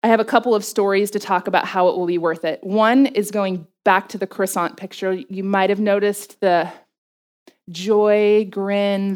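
Animated woman telling faith stories. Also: mid-range voice. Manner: animated storyteller, quick asides, laughs at herself. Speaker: speaker addressing a group. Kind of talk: faith talk with personal stories.

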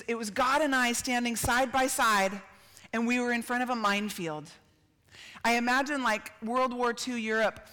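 A middle-aged woman tells stories in an animated sermon, throwing herself into acted-out quotes. Her voice is high and sharply bright. It carries a long reverb from a big hall. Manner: animated, acts out quotes, laughs and shouts. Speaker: speaker at a church gathering. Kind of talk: storytelling sermon.

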